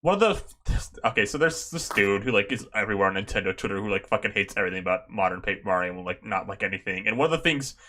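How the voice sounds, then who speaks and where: A man hosting a casual podcast chat, rambling and animated, swearing now and then. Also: on the low side, rapid-fire, hardly any pauses.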